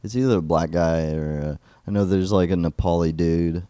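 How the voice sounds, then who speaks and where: A man's voice: sits low, moderate pace, mellow, clear, resonant tone, dry recording. A young man co-hosting a podcast, joking around in a crude, rambling, casual chat. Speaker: podcast co-host.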